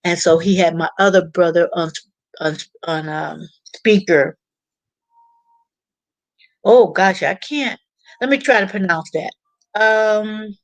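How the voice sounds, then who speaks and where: Casting note: woman livestream host, slow and unhurried, dry close sound, chatty and halting. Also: fairly low pitch, dry recording. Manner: chatty, halting, repeats words while reading chat. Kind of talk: casual livestream chat.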